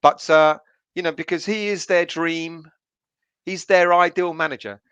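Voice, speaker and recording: A male guest in casual, animated football chat over a video call, often restarting his sentences. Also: on the high side, measured pace, clean tone, no room sound, lo-fi sound. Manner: animated, interrupts himself with restarts.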